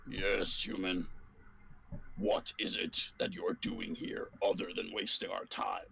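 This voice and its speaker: A man voicing a gruff, commanding villain who bullies his captives in a tabletop game. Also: low-pitched, level tone, takes it slowly, bright, forceful tone, dull audio, slight background noise, pitched below the performer's own voice, exaggerated voice. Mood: menacing. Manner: cold, commanding. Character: gruff menacing male cult leader.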